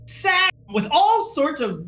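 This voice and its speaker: A woman's voice: very high voice, very animated, slow pace, fairly bright tone, roomy sound. A woman narrating as game master of a tabletop game, describing scenes.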